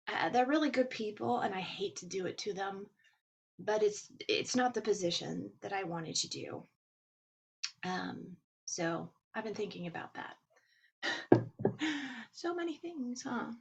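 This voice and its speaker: A woman's voice: medium pitch, animated, unhurried, vocal fry, long pauses, slight background noise. A woman with a Texas accent hosting her own podcast, chatting casually about her week and then reading aloud from notes, with many ums. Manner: chatty, with frequent ums and laughs. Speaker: podcast host.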